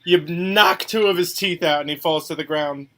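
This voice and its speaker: High-voiced laughing game master. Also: male voice, sharp tone. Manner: laughs often, quick rulings. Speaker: dungeon master. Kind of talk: narrating a tabletop game.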